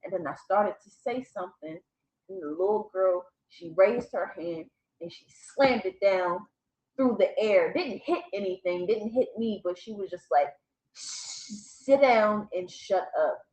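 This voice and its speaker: A woman's voice: medium pitch, unhurried. A woman vlogger casually telling a personal story to camera, swearing freely and breaking into laughter. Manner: profane, animated retelling with bursts of laughter. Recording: echoey room, slightly dull sound.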